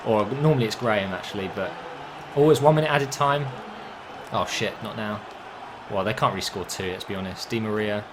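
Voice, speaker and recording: A young man commentating on his own football video game match, casual and chatty, with swearing and sudden excited outbursts. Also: on the low side, brisk, noisy background. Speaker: gaming commentator.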